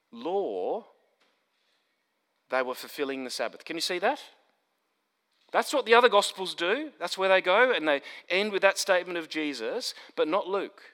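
High bright-voiced man preaching in a hall. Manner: emphatic, builds to stressed points then drops low. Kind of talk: expository sermon. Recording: long hall reverb.

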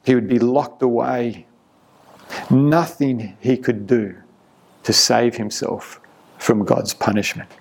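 A man's voice: mid-range voice, steady tone, slow pace, pauses often, a little hiss or hum. A man preaching an earnest, emphatic sermon as pastor, often repeating a word as he builds a point.

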